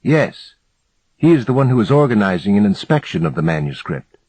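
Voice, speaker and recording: A man's voice: fairly low pitch, very animated, brisk, creaky, a little mellow, slightly rough, dry recording, pitched above the performer's own voice, exaggerated voice. A man voicing a polite, anxious foreign professor with a Scandinavian accent, raising his voice for the role. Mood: polite, worried.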